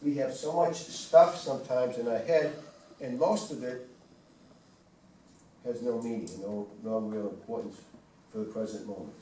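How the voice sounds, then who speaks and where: A man's voice: mid-range voice, fairly even intonation, unhurried, long pauses, warm tone. A man presenting a wellness talk to a small group, conversational and asking the audience questions. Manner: conversational, asks the audience questions, repeats points. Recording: roomy, from far off, faint room noise.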